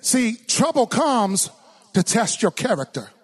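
A man preaching a sermon as pastor, with call-and-response, sometimes shouting, sometimes singing his lines. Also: very high voice, very animated, unhurried.

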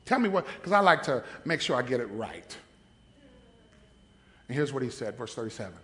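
A man preaching a sermon as pastor, dramatic, swinging from hushed asides to shouts. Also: medium pitch, sing-song, normal speed, long reverb tail.

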